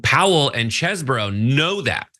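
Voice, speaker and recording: A man's voice: mid-range voice, very animated, takes it slowly, sharp tone. A man co-hosting a political news show, joking and mocking as he gives his take. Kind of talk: political commentary chat.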